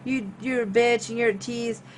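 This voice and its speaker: Woman doing a clingy older stalker lady, breathy, raised pitch, insistent, vengeful streak. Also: steady tone, normal speed, a little hiss or hum, natural voice. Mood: threatening. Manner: breathy pleading, then spiteful threats.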